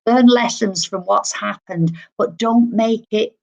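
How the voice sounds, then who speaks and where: A woman's voice: medium pitch, slow pace, creaky. A woman working as a medium, relaying spirit messages live and acting out what she is told. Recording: livestream.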